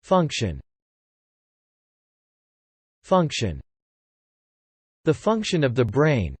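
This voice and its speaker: A narrator presents vocabulary for learners at a very slow, careful pace: every word twice, then a brief example phrase. The slightly breathy voice rises and falls in huge swings, recorded close and dry.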